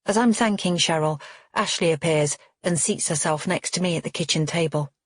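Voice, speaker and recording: An audiobook narrator with a husky, fairly low voice reads a thriller as scripted first-person narration. She moves at a moderate pace, and the studio-quality recording has no room sound.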